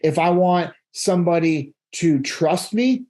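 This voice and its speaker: A man with a slightly higher voice answers leadership questions in a loose, casual way. He speaks directly, laughs easily and gets animated. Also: a little slow. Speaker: leadership instructor. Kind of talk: casual Q&A talk.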